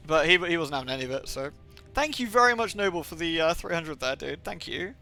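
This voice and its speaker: Live-streaming a game from home, this southwest England man with a mixed Somerset-Birmingham accent chats loosely and swears a lot. He talks fairly quickly in a sharp, higher-than-average voice with lively intonation, and faint music plays behind him.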